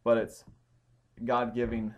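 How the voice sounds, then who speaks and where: A man teaching a Bible study class, explaining points step by step and pausing to check that his students follow. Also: mid-range voice, completely flat delivery, crowd noise. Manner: explanatory, checks understanding with questions.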